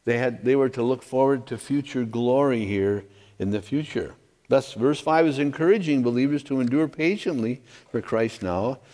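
A man's voice: medium pitch, darkish tone. Emphatic preacher man in a reverberant hall. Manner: emphatic, stresses key words, asks 'okay?'. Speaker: pastor. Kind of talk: expository sermon. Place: church hall with overhead projector.

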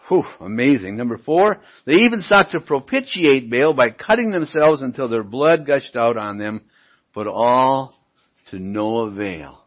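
A man's voice: medium pitch, sing-song, moderate pace. A man preaching a sermon and reading Bible verses aloud, stressing lines emphatically with wry asides. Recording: dull lo-fi recording.

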